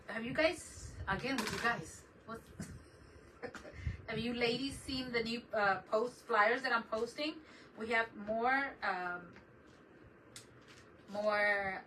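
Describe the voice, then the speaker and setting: A woman's voice: a little high, sharp tone. Chatty woman streaming from a distant mic. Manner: rambling, chatty, greets viewers by name. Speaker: crafting channel host. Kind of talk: casual live-stream chat. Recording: distant mic with noticeable background noise.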